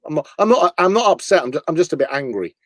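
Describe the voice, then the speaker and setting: A man's voice: a little high, quick pace, slight background noise. A man with a Manchester accent, a guest impressionist chatting and joking over a video call on a live stream. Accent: Mancunian. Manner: lively, joking, breaks into put-on voices. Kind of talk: casual chat on a live stream.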